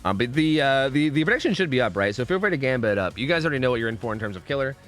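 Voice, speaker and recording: Animated young man chatting on stream. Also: medium pitch, very fast, faint music behind. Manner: rambling, swears casually, chats with viewers. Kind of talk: casual game-stream chat.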